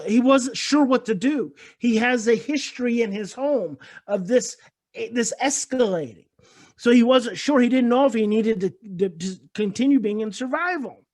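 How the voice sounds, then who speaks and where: A man giving an earnest lecture about parenting. He tells a personal story, repeats key points and explains them calmly. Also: high-pitched. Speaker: speaker on parenting and attachment.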